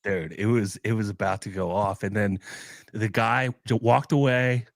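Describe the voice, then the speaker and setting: A man's voice: lowish voice, moderate pace, gravelly, no room sound, studio quality. A man co-hosting a podcast in casual chat, a laid-back storyteller who acts out the people in his stories. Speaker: podcast co-host.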